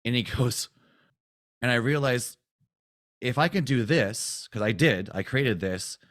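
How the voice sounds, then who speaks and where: A man coaching a group, casually retelling a client's story, animated, often asking "right?". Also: medium pitch, measured pace. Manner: animated retelling, acts out quotes, frequent "right?". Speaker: spiritual coach.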